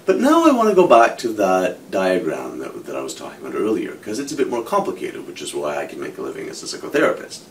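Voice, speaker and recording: A middle-aged man with a lowish voice explains a psychological idea in a lively, animated way, leaning on everyday examples. He sits a little way from the mic, with a faint rumble underneath. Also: fast, hardly any pauses. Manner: animated explaining with hypothetical examples, frequent "kind of". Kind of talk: explanatory talk to camera. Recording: from a distance, faint low rumble.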